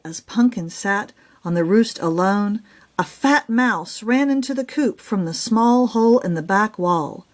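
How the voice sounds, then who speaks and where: A woman reads her own children's picture book aloud in a gentle, expressive storytelling voice. Her pitch moves up and down a great deal, and she keeps the pace slow for young listeners.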